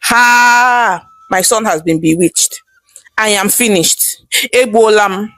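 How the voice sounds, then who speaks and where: A woman with a Nigerian accent voicing a distraught older mother-in-law who pleads and wails in high, quick bursts. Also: lively intonation, dry recording. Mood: wailing.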